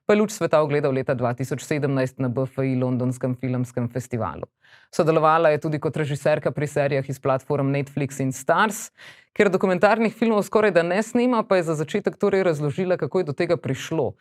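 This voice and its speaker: A man hosting and narrating a scripted segment, with a brisk, informative delivery. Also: a little high. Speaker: program host and narrator.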